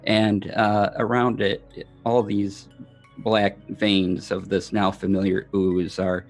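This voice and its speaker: A man narrating as dungeon master of a tabletop game, slow and halting with many fillers. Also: low-pitched, vocal fry.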